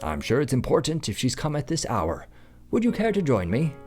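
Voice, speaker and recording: A man reading aloud who voices a sharp, calm Victorian detective in an attempted British accent, with brisk, precise, gently reassuring speech. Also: medium pitch, soft background music. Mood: hushed.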